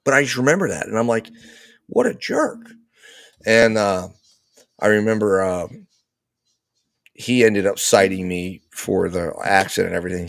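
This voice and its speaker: A man's voice: lowish voice, vocal fry, no echo, studio quality. A man hosting a live legal talk show, telling a personal story in a casual way and acting out the quotes. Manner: animated storyteller, acts out quotes loudly.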